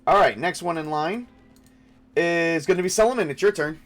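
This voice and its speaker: Game master, man, slightly high voice, halting, restarts a lot while narrating the fight. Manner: halting, thinks aloud with fillers and restarts.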